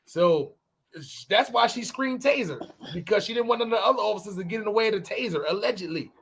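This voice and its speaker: A man co-hosting a podcast, telling stories in loose, profane casual chat and breaking into shouted impressions. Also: high-pitched, fast, creaky, breathy edge. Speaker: podcast co-host.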